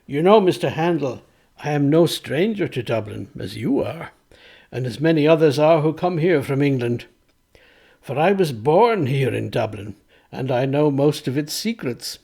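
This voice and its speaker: A man's voice: a little high, animated, normal speed, vocal fry, darkish tone, husky, exaggerated voice. A man reading aloud, voicing a frank, wry older clergyman of the 1700s who speaks in a knowing, confiding way.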